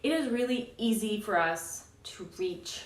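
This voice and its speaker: A woman's voice: mid-range voice, animated, measured pace. A woman in her thirties, a parenting coach, telling a personal story in an earnest, chatty way and checking in with "right?". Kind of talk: casual advice talk to camera. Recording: roomy echo, slightly distant mic.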